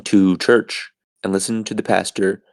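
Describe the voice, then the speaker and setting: A man voicing a mysterious older man who slowly gives advice. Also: lowish voice, flat delivery, vocal fry, a little mellow, dry recording. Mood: advising.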